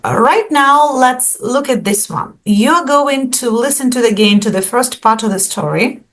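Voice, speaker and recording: A woman's voice: on the high side, a bit bright. A woman teaching an English lesson over a video call, patiently asking her students questions and encouraging them.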